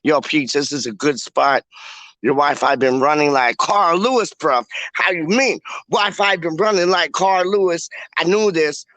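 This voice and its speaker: A man's voice: on the high side, unhurried, fairly bright tone, no room sound. A man hosting a casual livestream, rambling in slang with lots of "like" and restarts. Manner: slangy, rambling, heavy use of "like". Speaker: livestream host. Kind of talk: casual live chat.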